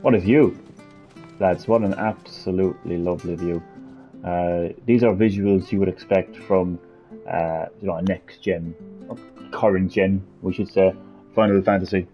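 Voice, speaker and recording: A man's voice: low voice, steady tone, normal speed. A man giving casual, rambling let's-play commentary, blunt and thinking aloud. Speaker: gaming video host. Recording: lo-fi with game music behind.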